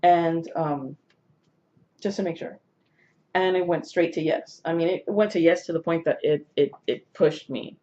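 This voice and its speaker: Her voice is deep and warm, and she speaks at a measured pace. She's a vlogger with a sore throat, casually recounting a personal story to the camera while rambling, restarting, and leaning on fillers. The audio is dull and lo-fi.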